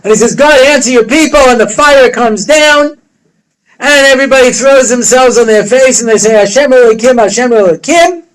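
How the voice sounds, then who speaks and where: Animated high-voiced male rabbi storyteller. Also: normal speed, low-quality recording. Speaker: rabbi lecturer. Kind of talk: storytelling lecture to students. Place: study hall.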